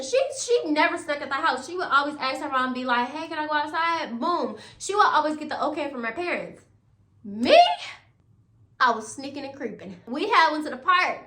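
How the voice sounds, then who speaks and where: High bright chatty young woman, roomy sound. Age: young adult. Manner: chatty, animated, slangy, laughs often. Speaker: storytime YouTuber. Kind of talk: casual storytelling to camera.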